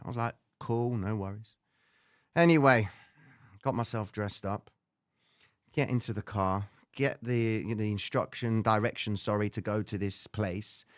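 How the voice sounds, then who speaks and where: A man's voice: a little high, no room sound, clean studio sound. A young man tells a comic story with plenty of swearing, acting out the people in it. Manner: animated, swearing, acts out the people in his story.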